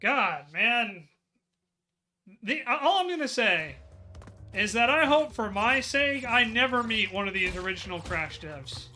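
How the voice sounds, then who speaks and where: A man's voice: high-pitched, animated, measured pace, sharp tone, faint music behind. A man who is a Twitch streamer, chatting casually and bluntly while he plays a game. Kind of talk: casual gameplay commentary.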